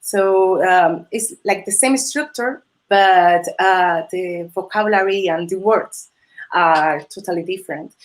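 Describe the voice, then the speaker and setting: A woman's voice: on the low side, a little slow. Spanish woman chatting in accented English. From Spain. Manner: hesitant, many fillers and restarts, frequent laughs. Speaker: Spanish teacher and holiday host. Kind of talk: casual interview chat. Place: video call or live stream.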